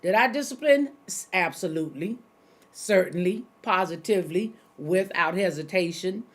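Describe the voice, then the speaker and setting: A woman's voice: fairly low pitch, lively intonation, normal speed. A middle-aged woman pastor giving a conversational sermon, folksy and direct, speaking straight to her listeners and repeating key phrases.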